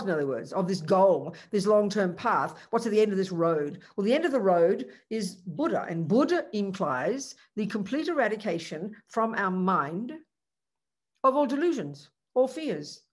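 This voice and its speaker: A woman's voice: mid-range voice, slightly rough. A woman teaching the Dharma as a Buddhist nun, talking conversationally and earnestly, with rhetorical questions, restarts and frequent asides.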